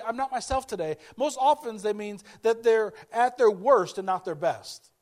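A man with a high voice delivers a sermon to his congregation. He talks in a conversational way, repeats his key lines and acts out the voices of people he quotes. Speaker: pastor.

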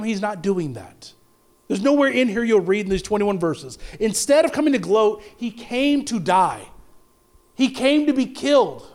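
High-pitched impassioned preacher. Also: male voice, sing-song, normal speed. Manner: impassioned preaching, swinging between loud and low; stumbles and restarts often. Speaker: pastor. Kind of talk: sermon.

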